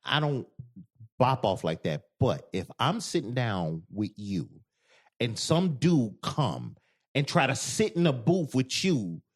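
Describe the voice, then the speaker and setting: A man co-hosting a podcast in casual chat, telling animated stories and loudly acting out quoted lines. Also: mid-range voice, slow pace, husky. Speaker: podcast co-host.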